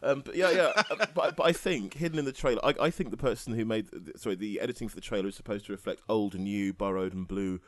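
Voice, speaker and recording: A man co-hosting a casual podcast chat, quick and jokey. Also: fairly low pitch, no echo. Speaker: podcast co-host.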